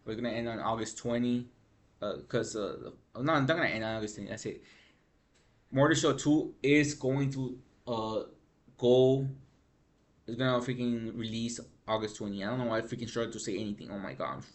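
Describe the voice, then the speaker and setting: A young man talks through gaming news in a loose, frustrated rant, full of slang and swearing. His voice sits in an ordinary middle pitch, and he keeps trailing off and restarting mid-thought. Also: fairly quick. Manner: rambling, profane, frustrated, with slang like "bro" and "man".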